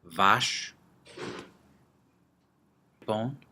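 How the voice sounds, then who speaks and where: A man teaching French vocabulary, slowly repeating each word and drilling it with gestures, checking in with "okay" often. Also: on the low side, pushed and bright. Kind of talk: classroom vocabulary lesson.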